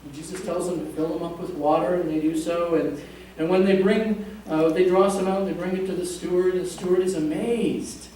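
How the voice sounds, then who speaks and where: Guy preaching a sermon, pretty high voice, chatty, big echoey church mic far off. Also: steady tone, fairly quick, hardly any pauses, dark tone, a little hiss or hum. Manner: conversational, jokes with the congregation. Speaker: pastor. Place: church sanctuary.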